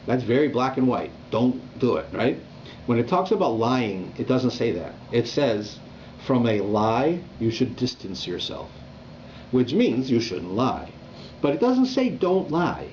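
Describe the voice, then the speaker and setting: A man's voice: medium pitch, unhurried. Man teaching a Torah class conversationally. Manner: conversational, animated, with repeated "right?" checks. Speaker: rabbi. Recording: dull lo-fi recording with faint room noise.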